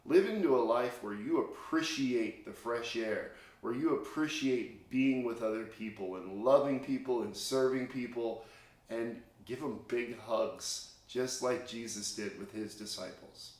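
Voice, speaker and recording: A man's voice: medium pitch, measured pace, a little mellow. A man from Indiana telling a Bible story to children in a chatty, storytelling way with plenty of fillers and restarts. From Indiana, USA. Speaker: children's chapel speaker. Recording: echoey room.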